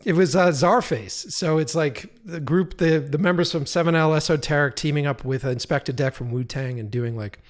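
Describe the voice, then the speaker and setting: In this podcast clip, a man in his thirties guests as a music video director. His voice sits on the high side at a normal speed with few pauses, and he tells stories casually and animatedly, laughing often as he goes and swearing freely.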